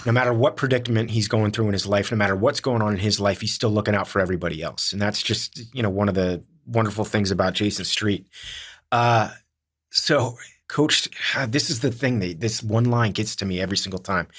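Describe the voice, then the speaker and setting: A man's voice: lowish voice, fairly quick, fairly bright tone. A man in his thirties co-hosting a casual rewatch podcast, talking enthusiastically and sentimentally about his castmates. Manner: sentimental, enthusiastic, with many fillers. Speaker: podcast co-host, actor from the show.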